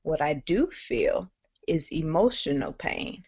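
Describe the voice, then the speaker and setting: A woman tells a personal story in a candid, conversational way, stopping often for fillers. Her voice sits on the low side and sounds dry and close. The audio is muffled, like a lo-fi webinar call. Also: lively intonation, slow, a little mellow, slightly rough, dry recording. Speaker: guest speaker.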